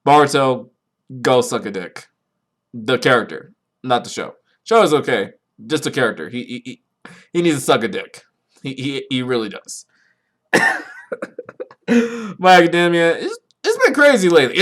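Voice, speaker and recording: A young man hosting a podcast, rambling casually and swearing a lot, with his voice jumping up when he gets excited. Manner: rambling, profane, excitable, pitch jumps when worked up. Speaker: podcast host. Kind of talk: casual solo chat about anime.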